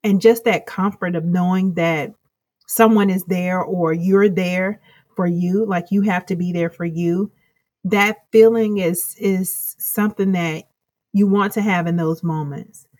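Husky low-voiced woman, earnest and rambly, dry sound. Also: fairly even intonation, a little slow, a little mellow, no room sound. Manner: earnest, reflective, rambling with fillers. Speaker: interview guest. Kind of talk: casual interview chat.

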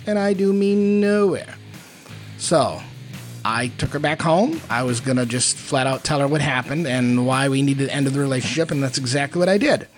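A man's voice: mid-range voice, normal speed. A man telling a rambling, self-mocking story in a casual monologue, with many fillers. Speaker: podcast host. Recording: faint guitar music behind.

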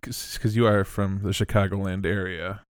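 A man co-hosting a podcast in casual chat, joking and animated, often bursting into laughter. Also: low-pitched, normal speed, clear, resonant tone, no room sound, clean studio sound. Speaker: podcast co-host.

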